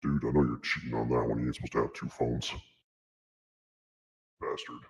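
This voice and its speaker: A man's voice: a bass voice, level tone, moderate pace, gravelly, a little hiss or hum. A man casually trying out voices on a voice changer, joking crudely. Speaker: guest demonstrating a voice changer. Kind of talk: casual chat. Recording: echoey room with faint music.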